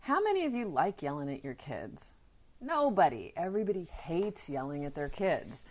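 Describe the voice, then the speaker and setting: A woman with a notably low, deep voice for a woman talks on her parenting podcast. She speaks to her listeners in a casual, earnest way, as if chatting with them. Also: big pitch swings, moderate pace, darkish tone. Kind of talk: casual advice talk. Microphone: podcast microphone.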